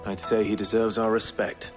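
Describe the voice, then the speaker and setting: A man plays a grim outlaw swordsman from a video game who speaks in a deep, low register. His delivery is clipped and formal, with game music playing clearly behind him. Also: flat delivery, moderate pace, natural voice. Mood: steady. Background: game soundtrack music.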